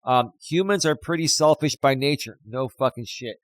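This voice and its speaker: A man's voice: mid-range voice, normal speed, dry recording. A man co-hosting a podcast, chatting casually and agreeing emphatically. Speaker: podcast co-host. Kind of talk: casual chat.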